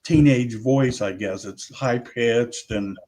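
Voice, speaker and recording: A man's voice: mid-range voice, slow, darkish tone. Rambling older man, audio researcher guest. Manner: rambling, many restarts and self-corrections. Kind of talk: casual interview talk.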